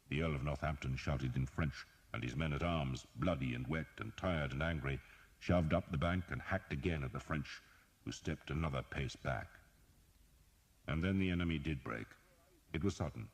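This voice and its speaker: A man reading an audiobook as narrator, in a measured, dramatic storytelling manner. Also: extremely low pitch. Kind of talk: scripted narration.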